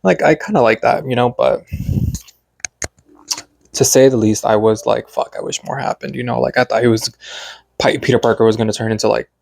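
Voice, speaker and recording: A man's voice: mid-range voice, steady tone, normal speed, gravelly, pauses often, a little mellow, dry recording. A young man rambling reflectively in an unscripted late-night vlog from home, talking casually and swearing now and then. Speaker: vlogger.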